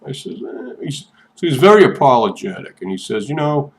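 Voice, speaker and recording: A man's voice: mid-range voice, big pitch swings, brisk, creaky. An older man talking through a rambling personal vlog, chatty and meandering, often repeating himself. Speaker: vlogger.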